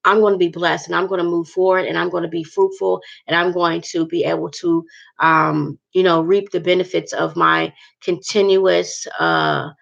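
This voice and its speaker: A woman's voice: lowish voice, normal speed, gravelly, a bit bright, lo-fi sound. A woman vlogger talking earnestly to her viewers about faith, rambling and repeating herself.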